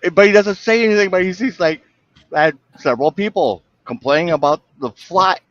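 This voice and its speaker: A man's voice: sits high, a little fast, no echo. Chatty man on dull, dry audio. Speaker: guest chatting on stream. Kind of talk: casual chat.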